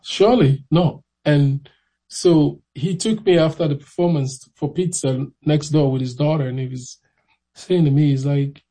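A man telling his story in a casual, animated way, acting out the voices of people he met. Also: on the high side, moderate pace, vocal fry, rough recording. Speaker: interviewee.

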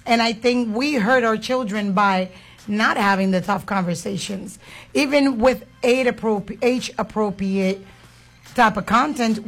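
A woman in her thirties from Puerto Rico, co-hosting a candid chat, speaking earnestly about grief and acting out her children's words. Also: medium pitch. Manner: earnest, open about grief, animated when quoting her kids. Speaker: podcast co-host.

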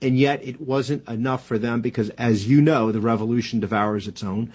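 A man's voice: medium pitch, a little mellow, slightly rough. A man from New Jersey, a political commentator talking casually in a radio interview, with lots of fillers and restarts. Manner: halting, many fillers and restarts.

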